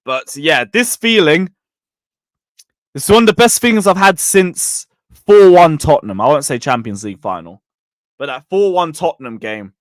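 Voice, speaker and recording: A man with a fairly high voice that bounces all over the place, talking on a live football stream. He reads super chats and trades mocking banter in an excitable rush. His voice sounds close and dry. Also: moderate pace, dry recording.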